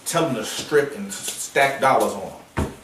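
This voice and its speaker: A man preaching out on a downtown street, forceful and confrontational in a slangy, street-level way. His mid-range voice is caught from some distance, with a heavy echo around it and faint background hiss. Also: mid-range voice, moderate pace. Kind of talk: outdoor street preaching with call-and-response. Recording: echoey street sound from a distance.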